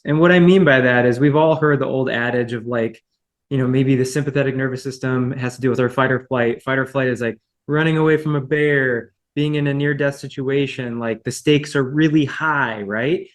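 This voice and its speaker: A man's voice: mid-range voice, fairly even intonation, moderate pace. A man breathwork practitioner explaining a concept in an interview, with frequent "like" and "right?".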